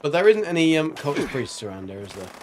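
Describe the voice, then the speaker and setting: A man's voice: on the high side, big pitch swings, fast talker, background noise. A man streaming a video game, chatting casually and rambling with jokes and silly sound effects. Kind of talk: casual gameplay commentary.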